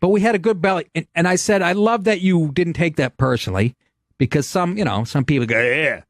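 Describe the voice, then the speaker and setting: A middle-aged man hosting a podcast, telling stories in a brash, profane, animated way. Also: high voice, quick pace, no echo, studio quality. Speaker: podcast host, comedian. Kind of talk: casual podcast chat.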